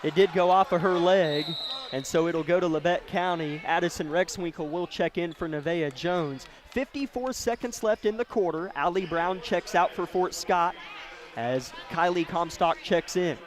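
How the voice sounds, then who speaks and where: This man is a play-by-play announcer working a high school basketball game at courtside. He talks fast and excitedly, shouting when big plays happen, over a noisy gym broadcast feed.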